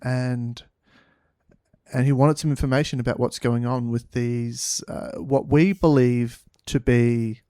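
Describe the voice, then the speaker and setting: A man's voice: medium pitch, fairly even intonation, unhurried, warm tone, no echo, studio quality, lightly acted. A man voicing a blunt alien posing as a human man, in a plain, matter-of-fact delivery.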